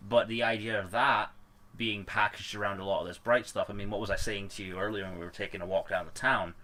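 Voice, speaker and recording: A man with a lowish, very bright voice chats on a podcast. He talks eagerly, teases his co-host and strings thoughts together with many fillers. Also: steady tone, fast talker. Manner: enthusiastic, teasing, filler-heavy. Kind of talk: casual chat.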